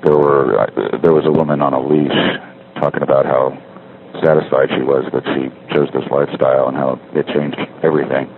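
His bass voice stays level at a moderate pace as this middle-aged man meanders wryly through a spoken diary, correcting himself along the way. He's on a street payphone handset, and the line is tinny with street noise faintly audible.

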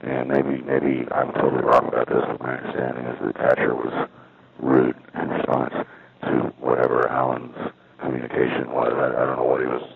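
A man's voice: rumbling low, completely flat delivery, moderate pace, gravelly, narrow, tinny audio, a little hiss or hum. A man rambling hesitantly in a casual monologue, often doubting his own memory, recorded from a payphone.

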